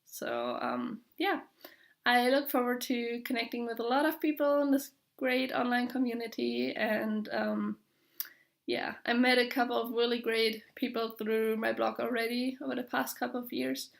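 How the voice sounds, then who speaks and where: A young woman from Germany with a German accent, chatting casually on her podcast, pausing often with fillers and small laughs. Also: fairly high pitch, creaky. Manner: hesitant, full of fillers, light laughs. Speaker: podcast host. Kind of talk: casual video podcast chat.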